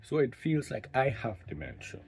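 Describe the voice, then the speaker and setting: A middle-aged man speaking candidly about caring for his mother, emotional and halting, often restarting his sentences. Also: medium pitch, very animated, a little mellow, a little hiss or hum. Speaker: family caregiver. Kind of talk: candid personal talk to camera.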